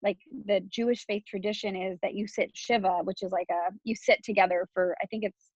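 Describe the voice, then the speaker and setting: A woman's voice: mid-range voice, steady tone, a little fast, slightly rough, no echo, highs cut off. A woman from Texas in her thirties, speaking as an interview guest in a loose, candid flow full of "like" and restarts.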